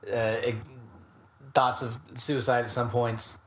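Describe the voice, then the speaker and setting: A man's voice: medium pitch, level tone, takes it slowly, a bit bright. A man co-hosting a music podcast who talks bluntly and teases his co-hosts. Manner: blunt, teasing. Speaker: podcast co-host. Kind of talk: casual podcast chat about music. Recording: echoey room with faint hiss.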